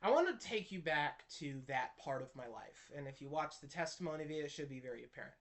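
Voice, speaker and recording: Earnest man with a bright, forceful voice. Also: mid-range voice. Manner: earnest, impassioned, many restarts. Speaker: Christian video creator. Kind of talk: personal storytelling monologue.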